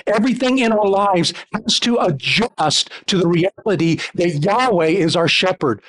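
Male pastor, high voice, emphatic sermon delivery with repeated building phrases. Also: fairly bright tone.

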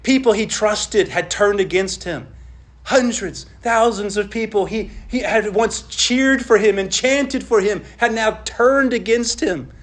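A man preaching a sermon as pastor, earnest, his voice rising on pleading lines and dropping low on asides. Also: unhurried.

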